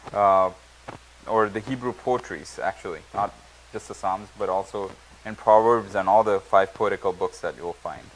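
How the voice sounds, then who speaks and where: A man teaching a Bible study class, reading verses aloud and explaining them, often pausing with fillers and restarting words. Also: fairly low pitch, a bit bright, slight background noise, low-quality recording. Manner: halting, many fillers and restarts. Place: church classroom.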